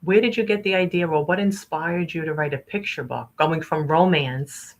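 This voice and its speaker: A woman hosting an interview, asking questions and reacting with quick encouraging remarks. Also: low-pitched. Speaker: host. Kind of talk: casual interview chat.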